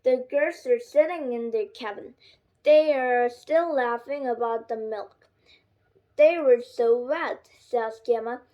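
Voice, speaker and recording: High-voiced woman reading haltingly. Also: dull audio. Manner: halting, self-correcting reading. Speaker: reader. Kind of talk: reading a graded storybook aloud.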